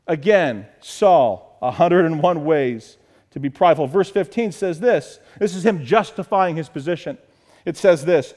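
High-voiced preacher in a reverberant hall. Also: male voice, animated, moderate pace, a little mellow. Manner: preaching with repetition and rising emphasis. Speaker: pastor. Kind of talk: sermon.

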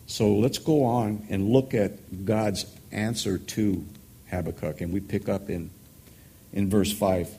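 Male pastor, earnest and thoughtful, teaching a Bible study at an unhurried pace in a low voice. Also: creaky, warm tone, husky. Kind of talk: sermon teaching.

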